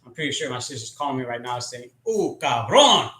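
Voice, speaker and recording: A man's voice: mid-range voice, flat delivery, very fast, bright, forceful tone, reverberant. A man hosting a live stream, telling rambling, profane, joking stories about his sister. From California. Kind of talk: casual storytelling.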